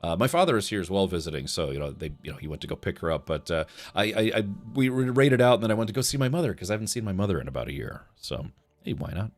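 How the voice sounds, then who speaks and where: A man's voice: deep voice, big pitch swings, rapid-fire. A man hosting a casual livestream, joking and rambling as he reads chat messages aloud. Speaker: livestream host.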